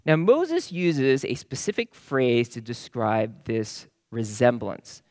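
A man preaching a sermon in an emphatic, animated way, repeating phrases in lists and building to points. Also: medium pitch, slow, dry recording, clean studio sound.

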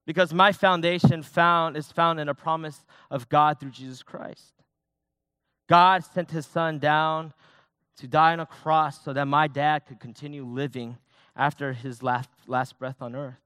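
A man's voice: fairly high pitch, steady tone, measured pace, bright, forceful tone, clear, resonant tone, dry recording, clean studio sound. A young man, a youth pastor, preaching a sermon in a personal, conversational way, often restarting his sentences.

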